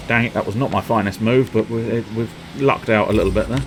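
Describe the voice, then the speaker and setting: A man giving live gameplay commentary, excitable, sweary and self-mocking, with sudden yelps. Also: lowish voice, fast talker, few pauses, a little hiss or hum. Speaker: streamer.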